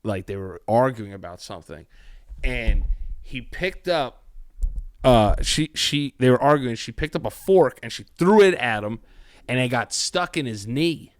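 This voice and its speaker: Expressive young man, dry close sound. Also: mid-range voice, unhurried, no echo. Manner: loose, profane, lively storyteller. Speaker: podcast co-host. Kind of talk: casual storytelling chat.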